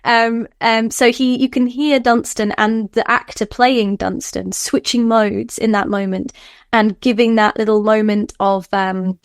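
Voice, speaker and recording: Woman scholar, podcast guest, fairly high voice, animated, laughs often, dry sound. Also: unhurried, dry recording. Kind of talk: podcast interview.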